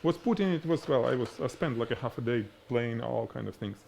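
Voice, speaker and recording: A man's voice: mid-range voice, a little fast, vocal fry, a little hiss or hum. Man with a strong Russian accent. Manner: animated, explains by demonstrating, laughs at himself. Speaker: photography instructor. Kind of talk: live-stream photography lesson.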